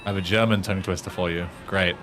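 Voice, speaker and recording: A man's voice: low-pitched, fairly even intonation, quick pace, over music. A young British man with a British accent, chatting casually while streaming a game, swearing often and laughing at himself. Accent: British English. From Britain. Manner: swearing, laughing at his own attempts at tongue twisters. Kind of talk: casual gaming stream chat.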